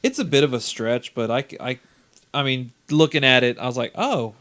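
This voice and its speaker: A man co-hosting a casual group podcast, mostly adding quick agreeing interjections and short asides. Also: mid-range voice, fairly bright tone, clean tone. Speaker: podcast co-host.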